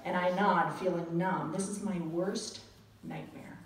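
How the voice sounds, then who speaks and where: A woman's voice: lowish voice, fairly even intonation, measured pace. Wry woman storyteller, echoey and distant. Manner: wry, self-deprecating. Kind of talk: live comic storytelling to an audience. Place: cafe storytelling night. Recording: echoey cafe recording from far off with room noise. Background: audience laughter.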